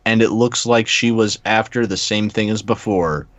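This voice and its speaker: A man's voice: on the low side, steady tone, moderate pace, fairly bright tone, dry recording. A man hosting a comedic read-through of a fan fiction, reading aloud in a casual, sardonic way and swearing freely.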